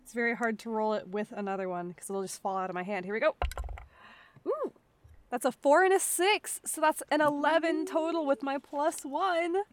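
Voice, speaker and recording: A woman's voice: high voice, moderate pace, slight background noise. A woman playing a tabletop game, cheerful and chatty. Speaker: player. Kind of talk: casual tabletop role-play.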